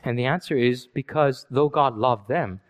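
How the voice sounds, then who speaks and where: A man preaching a sermon, animated and storytelling, with many rhetorical questions. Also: medium pitch, moderate pace.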